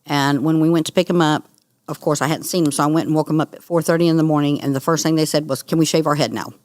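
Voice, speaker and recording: A middle-aged woman, a guest on an interview, telling her story in an earnest, animated way. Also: low-pitched, fast talker, no echo. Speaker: guest, cancer survivor. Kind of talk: conversational interview.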